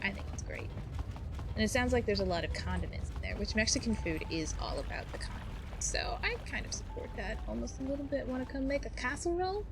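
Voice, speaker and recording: A woman's voice: mid-range voice, lively intonation, fast, vocal fry. A woman in her thirties, a mom and live streamer, chatting casually and bubbly while she plays a video game, with lots of fillers and laughs. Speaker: Twitch streamer. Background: game music.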